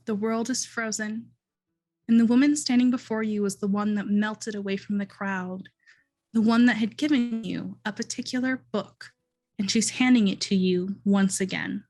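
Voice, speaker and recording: A woman game master narrating a dream sequence slowly and deliberately, in second person. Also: mid-range voice, fairly even intonation, a little mellow, low-quality recording.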